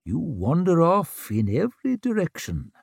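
A man voicing a proud, impatient old male wizard who speaks slowly and sternly. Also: a little high, huge pitch swings, gravelly, darkish tone, slightly rough, no room sound, clean studio sound, pitched above the performer's own voice, exaggerated voice. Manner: slow, stern, weighty.

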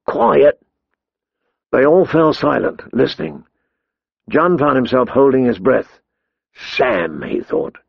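A man narrating an audiobook in a steady, measured way. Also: medium pitch, creaky, slightly rough, dry recording, lo-fi sound. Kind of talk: scripted narration.

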